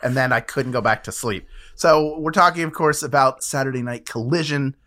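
Male podcast host, jokey and tired, bright voice. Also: medium pitch, moderate pace. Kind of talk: casual chat.

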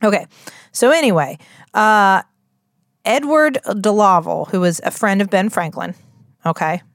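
A woman's voice: mid-range voice, animated, measured pace, no echo, clean studio sound. A woman from West Virginia with a West Virginia accent, co-hosting a podcast in a rambling, chatty way, full of fillers and restarts. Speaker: podcast co-host. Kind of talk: casual chat.

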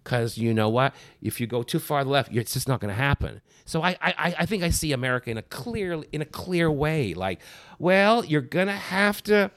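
A man from Canada, a comedian guest in a casual conversation, telling opinionated stories in an animated way. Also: medium pitch, fairly quick, hardly any pauses, no echo, studio quality.

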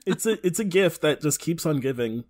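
A woman co-hosting a podcast in casual chat, animated, swearing, and often restarting her sentences. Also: low-pitched, a little fast. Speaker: podcast co-host.

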